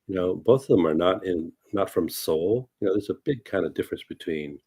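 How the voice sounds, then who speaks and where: A man's voice: sits low, animated, fairly quick, mellow, breathy edge. A man talking as a fortune teller on a casual livestream, rambling loosely with many fillers and asides. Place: lives in California.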